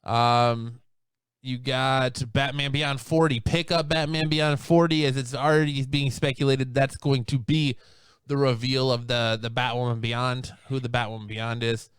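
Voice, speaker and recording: Smooth-voiced man hosting a casual show. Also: medium pitch, flat delivery, unhurried, a bit bright, no echo. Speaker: podcast host.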